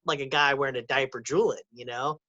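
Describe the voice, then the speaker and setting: A young man talks loosely on a podcast, rambling, swearing and jumping up in pitch when he quotes someone. The sound is dry and close, with no room around it. His pitch sits in an average range for a man. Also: fairly quick, dry recording, highs cut off. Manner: rambling, animated, swearing, acts out quotes in a raised voice. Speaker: podcast co-host. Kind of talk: casual chat.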